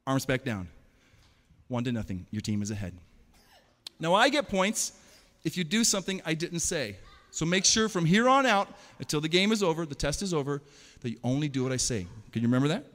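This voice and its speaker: A man performing an interactive stage show for children, playfully calling out quick commands and teasing his audience. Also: fairly high pitch, sing-song, fairly bright tone. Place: large hall. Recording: long hall reverb.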